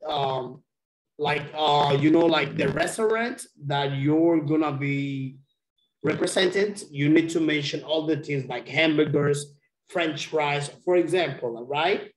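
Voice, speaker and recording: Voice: mid-range voice, slow pace, echoey room, rough recording. An English teacher giving a one-on-one lesson over a video call, checking often that the student understands.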